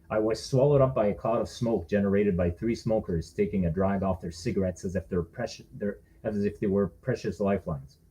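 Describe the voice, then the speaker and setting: A man's voice: fairly low pitch, mellow, poor audio. A man, the author, reading his own thriller aloud in a wry, conversational first-person narration.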